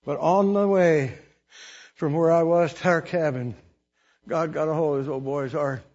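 A man's voice: fairly high pitch, normal speed, darkish tone, lo-fi sound. A man preaching a sermon, telling his own testimony in an earnest, emotional way with chuckles between lines.

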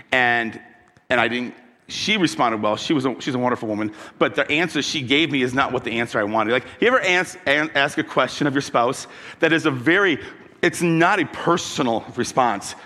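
A pastor delivering a conversational sermon, telling personal stories and putting questions to the congregation. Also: male voice, medium pitch, bright, forceful tone, big-room sound.

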